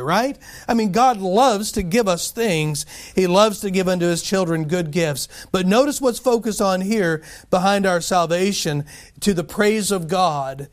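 A man preaching a sermon, emphatic, asking and answering his own questions and slowing down to stress scripture phrases. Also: sits high. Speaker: pastor.

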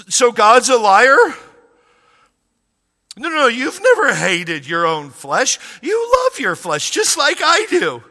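A middle-aged preacher with a high, piercingly bright voice, hammering his points and repeating them for weight. His voice rings through a church hall with a long, trailing reverb. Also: huge pitch swings, unhurried, few pauses. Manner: emphatic, repeats key lines, drops quiet for asides. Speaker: pastor. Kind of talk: sermon.

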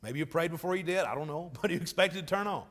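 Pastor, male, emphatic preaching, fairly high voice, long church reverb. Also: very fast, a bit bright. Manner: emphatic preaching with swells in volume, reads scripture aloud. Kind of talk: sermon. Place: church sanctuary.

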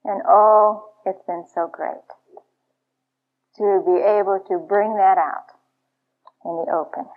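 A woman giving a teaching talk to a church audience, earnest and confessional, weaving in stories from her own life. Her voice sits at an ordinary middle pitch. It comes through a dull, lo-fi recording. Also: fairly even intonation, slow, pauses often. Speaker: Christian marriage speaker.

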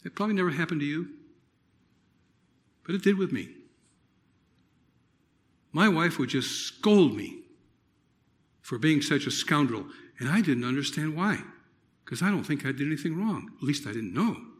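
A middle-aged man preaching a personal testimony, telling it dramatically with loud exclamations and hushed, near-whispered moments. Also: a little high, lively intonation, moderate pace, long pauses. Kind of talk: sermon testimony.

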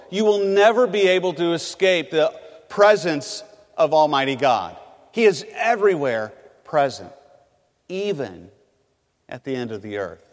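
Man preaching with big swings in force. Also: long reverb tail. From California. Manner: swings from loud emphatic bursts to hushed low phrases. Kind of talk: sermon. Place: large hall on a college campus.

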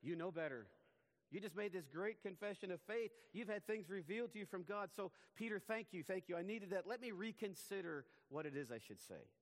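A preacher putting on an ironic male teacher who gushes thanks with exaggerated deference, raised in pitch, with a long reverb trailing in a large hall. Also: expressive, a little fast. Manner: mock-grateful and ironic. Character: sarcastically agreeable male teacher mocking deference.

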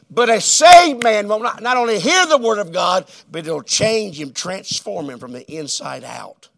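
Male preacher, sermon delivery, high and gravelly, with a loud-to-hushed dynamic swing. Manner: swings between loud emphatic declarations and hushed, drawn-out phrases.

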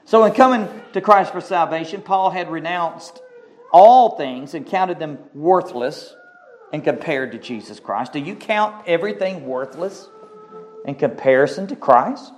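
A man preaching a sermon, emphatic and repetitive, slowing down to stress scripture and asking the congregation questions. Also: on the high side, a little hiss or hum. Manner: emphatic, repeats key phrases, asks the congregation questions; slows down to stress scripture quotes.

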